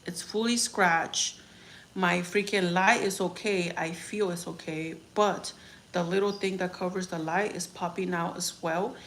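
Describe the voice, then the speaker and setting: A woman's voice: lowish voice, fairly even intonation, measured pace, a bit bright. A young woman talking casually on a livestream, reading comments and telling a story in a frank, rambling way with swearing. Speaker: vlogger on a livestream. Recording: faint background noise.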